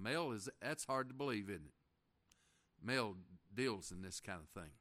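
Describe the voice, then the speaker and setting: A man preaching a folksy sermon, reading scripture slowly and asking the congregation questions. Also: mid-range voice, lively intonation, fairly bright tone. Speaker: pastor.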